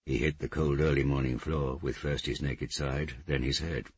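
A man narrating a novel in steady, measured scripted narration. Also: rumbling low, husky, no room sound, highs cut off. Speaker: audiobook narrator.

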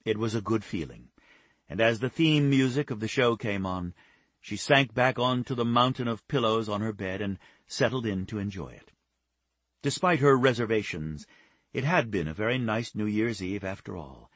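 Low, husky male audiobook narrator. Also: no room sound. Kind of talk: scripted narration.

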